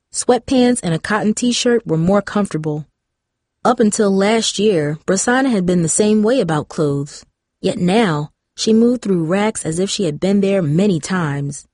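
A woman reading a young-adult novel as audiobook narrator, in steady, even scripted narration on a close mic. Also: fairly low pitch, no room sound.

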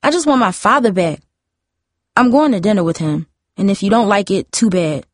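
A woman's voice: medium pitch, very animated, normal speed, no echo, studio quality. A woman voicing a defiant, pushy teenage girl in a storybook reading. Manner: pouty, confrontational teen voice.

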